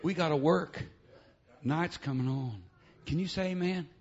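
A middle-aged man preaching a revival sermon in church, dropping "uh, amen" between his phrases in a shouting preaching cadence. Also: a little high, measured pace, highs cut off.

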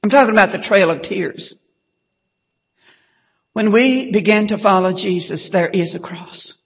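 A woman preaching an emotional testimony, fervent and repeating hallelujah, sometimes dropping to a hush. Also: medium pitch, a little slow, husky. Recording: long hall reverb.

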